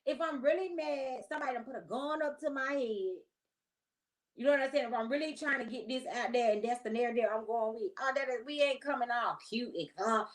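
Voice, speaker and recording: Woman host; opinionated, slangy vlog talk aimed straight at the viewer, pitched a bit high. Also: fairly quick, poor audio. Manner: chatty, opinionated, slangy, direct address. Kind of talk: casual commentary vlog.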